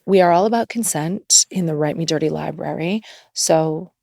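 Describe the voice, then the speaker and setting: A woman's voice: sits low, moderate pace, gravelly, warm tone, no room sound, clean studio sound. A woman hosting a comedy podcast, giggly and bubbly as she sets tasks and reacts to her guests. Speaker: podcast host. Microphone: studio podcast mic.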